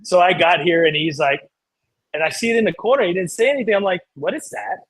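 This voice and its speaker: A man hosting a live unboxing stream, chatting casually and telling a relaxed story. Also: high-pitched, quick pace, a little hiss or hum, low-quality recording.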